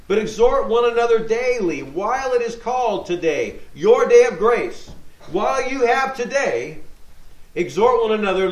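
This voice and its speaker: A man preaching a sermon, teaching verse by verse, reading scripture aloud and checking in with his listeners. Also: high voice. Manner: teaching tone, reads scripture aloud, asks rhetorical questions, checks in with "okay?". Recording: echoey room.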